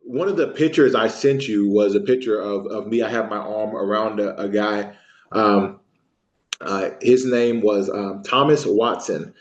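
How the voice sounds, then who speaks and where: Veteran man, 30s-40s, interviewee, halting speech full of ums, roomy echo, dull lo-fi audio. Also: lowish voice. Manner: halting, many ums and restarts. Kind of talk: recorded oral history interview. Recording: echoey room, dull lo-fi sound.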